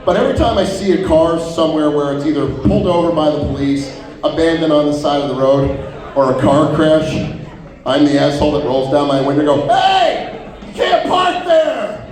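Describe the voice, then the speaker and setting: A man performs a stand-up comedy set at a live venue, telling profane stories packed with quotes he acts out in different voices. His voice sits on the high side, fairly even and slightly dark, and a little fast; the roomy venue sound is picked up from far off.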